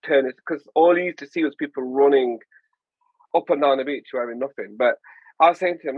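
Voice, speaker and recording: A man in his forties with a Northern English accent, chatting casually as a podcast host, animated and jokey. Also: medium pitch, brisk, no room sound, phone-quality sound. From England. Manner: animated, jokey, puts on voices. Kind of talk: casual chat.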